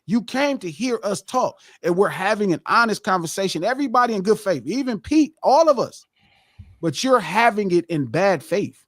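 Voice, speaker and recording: A middle-aged man hosts a live podcast in a heated, profane lecture. His voice sits high and leaps up and down with great animation. The sound is dry and close. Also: sing-song, normal speed, a bit bright, dry recording. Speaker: podcast host.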